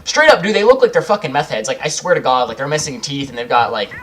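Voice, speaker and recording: A man's voice: fairly high pitch, lively intonation, fast, fairly bright tone, soft background music. A young man hosting a gaming video, rambling through a personal story, swearing freely and laughing as he goes. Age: young adult. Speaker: gaming channel host. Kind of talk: casual storytelling over gameplay.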